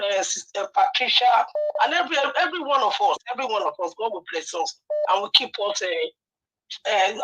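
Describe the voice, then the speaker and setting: Brief: high, bright-voiced woman caller, fervent and loud, phoned in on a dull line. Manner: impassioned, rising to shouting. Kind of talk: call-in radio comment.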